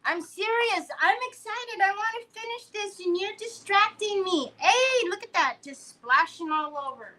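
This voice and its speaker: A woman's voice: very high-pitched, lively intonation, normal speed, hardly any pauses, sharp tone, slight background noise. A woman hosting a crafting livestream in casual chat, playfully teasing and fondly scolding a pet while she works.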